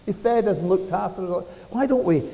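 A man's voice: sits high, animated, brisk, creaky, mellow, voice pushed up. A man preaching, voicing a group of guilty brothers who argue urgently in a reverberant hall.

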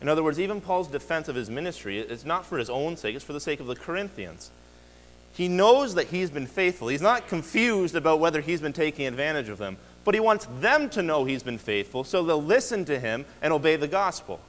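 Emphatic pastor preaching in a reverberant church. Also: male voice, on the high side, sing-song, a little fast. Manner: earnest, emphatic preaching with repeated restarts. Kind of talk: sermon. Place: church sanctuary.

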